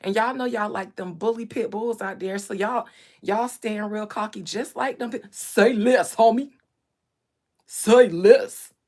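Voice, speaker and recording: A woman hosting a gossip commentary show, talking in a dramatic, animated, slangy way. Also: mid-range voice, normal speed. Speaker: host.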